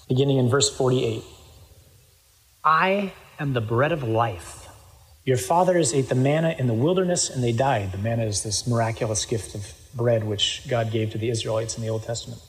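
A male preacher delivering a sermon in a mid-range voice, quoting scripture and then commenting on it with sudden bursts of emphasis. His voice carries a long reverb, as if recorded in a large hall. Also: mid-range voice. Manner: lively, quoting scripture with sudden loud asides. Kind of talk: sermon reading and explaining scripture.

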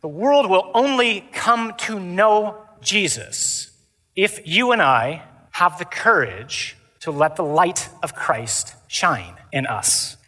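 A man preaching to a conference of men, lively and emphatic, sometimes reading scripture in a mock monotone. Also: sits high, slow pace. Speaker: priest. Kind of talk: conference talk sermon. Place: large conference hall. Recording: echoey conference hall with crowd.

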